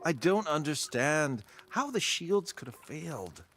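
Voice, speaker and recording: A flat, worried game villager. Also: male voice, fairly high pitch, a little slow, exaggerated voice. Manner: flat, uninterested line reading. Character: worried male villager missing his husband. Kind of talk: video game voice acting.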